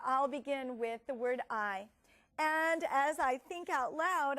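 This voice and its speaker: A woman explaining how to teach writing, modeling lessons with encouraging classroom praise and slowly stretched words. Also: sits high. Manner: slow, exaggerated stretching of words when modeling. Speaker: teacher trainer. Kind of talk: instructional demonstration.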